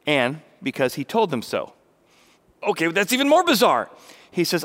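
A man's voice: fairly high pitch, normal speed, long pauses. A middle-aged man preaching a sermon, acting out the people in the story. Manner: animated, acts out biblical speakers with raised voice. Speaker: pastor.

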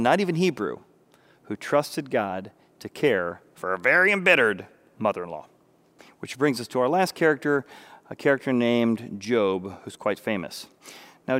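A male pastor delivering a sermon, his voice sitting at an ordinary middle pitch. He preaches with emphasis and keeps turning to his listeners with rhetorical questions. His delivery swings between loud, pressing bursts and soft, dropped asides.

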